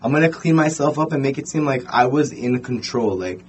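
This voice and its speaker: A man's voice: mid-range voice, expressive, a little fast, husky. A man doing a scheming drunk husband. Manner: pleading, then smug.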